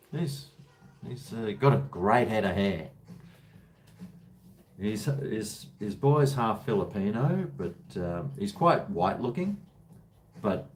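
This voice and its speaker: Rambling man, lively low voice. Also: a little hiss or hum. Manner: rambling, chuckling, answers chat comments. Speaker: livestream host. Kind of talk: casual livestream chat.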